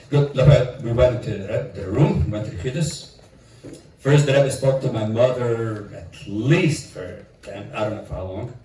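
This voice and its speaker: A middle-aged man from Italy, a rabbi, telling an animated story at a gathering and dropping in Yiddish and Italian phrases. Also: lowish voice, slight background noise. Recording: roomy echo from far off.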